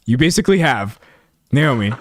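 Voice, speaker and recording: A young man in casual reaction commentary, talking in quick emphatic bursts as he reacts to clips. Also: medium pitch, a little hiss or hum. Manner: animated, talks fast in bursts, emphatic.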